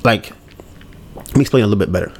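A man's voice: on the low side, fast, creaky, a little mellow, slight background noise. A man hosting a podcast, talking candidly and rambling about handling his anger, acting out his own thoughts. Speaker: podcast host. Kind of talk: casual solo podcast talk.

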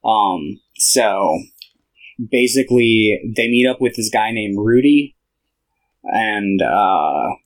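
A man's voice: lowish voice, takes it slowly, poor audio. A young man co-hosting a podcast, casually retelling a film with lots of fillers. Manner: relaxed retelling with many fillers. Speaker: podcast co-host.

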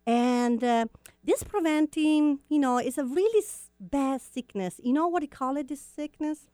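A woman with an Italian accent hosting a radio show, chatting and laughing in a lively, casual way. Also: high voice, a little slow, no room sound. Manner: animated, chatty, laughs often.

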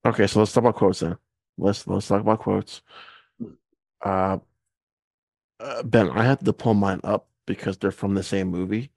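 Deep gravelly man hosting a podcast. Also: fairly even intonation, moderate pace, pauses often, a little mellow, no echo. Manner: laid-back, steering the conversation. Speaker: podcast host. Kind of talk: casual podcast chat.

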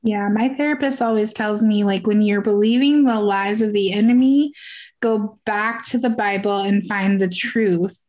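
A woman's voice: medium pitch, moderate pace, darkish tone. A woman hosting a casual interview, asking affirming questions. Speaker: podcast host.

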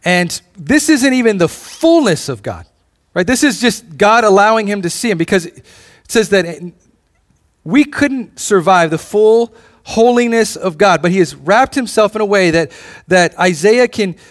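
A man's voice: high voice, animated, a little slow. A man preaching a sermon in a conversational way, often restarting phrases and building in intensity. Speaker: pastor.

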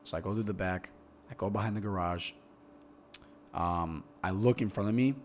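A man's voice: deep voice, moderate pace, a little hiss or hum. A young man telling a long, rambling, profane story in casual podcast chat, often repeating words as he gets going. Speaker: podcast guest.

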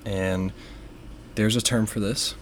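A young man co-hosting a faith podcast, explaining ideas in a measured way with frequent fillers. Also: lowish voice, steady tone, a little hiss or hum. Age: young adult. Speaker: podcast co-host. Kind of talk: casual faith discussion.

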